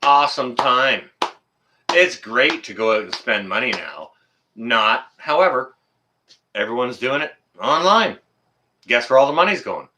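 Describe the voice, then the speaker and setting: Man, livestream host, heated rant, forceful bright tone. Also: mid-range voice, animated, unhurried, pauses often, slight background noise. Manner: fired-up, swears then apologizes.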